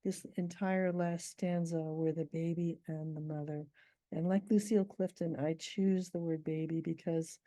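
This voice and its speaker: A middle-aged woman poet, reading her poem slowly and then explaining its meter in a thoughtful, measured way. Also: sits low, mellow, no echo.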